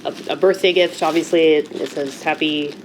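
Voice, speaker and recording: Woman, vlogger, low voice, blunt, slightly profane, emotional, faint noise behind. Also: steady tone, moderate pace. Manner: blunt, frank and a little profane; emotional and self-mocking. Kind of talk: candid casual talk to camera.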